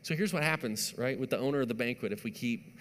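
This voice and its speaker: Male pastor mid-sermon, mid-range voice, building emphasis and soft hushes, long reverb of a big room. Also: mid-range voice, fast, slight background noise. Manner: emphatic preaching, rising and dropping to a hush.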